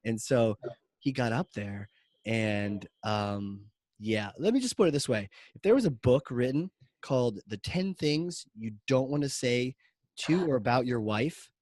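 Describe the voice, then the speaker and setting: A man's voice: medium pitch, unhurried, no room sound. Rambling male podcast host, dry mic. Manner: rambling, animated, many "like" fillers. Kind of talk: casual storytelling chat.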